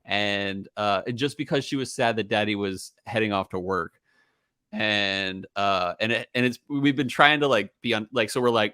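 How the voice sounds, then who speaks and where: A man's voice: fairly low pitch, normal speed, sharp tone, no room sound, clean studio sound. A man in his thirties co-hosting a podcast, talking easily and thoughtfully about his young daughter in casual chat. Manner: easygoing, reflective, lots of agreeing murmurs. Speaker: podcast co-host.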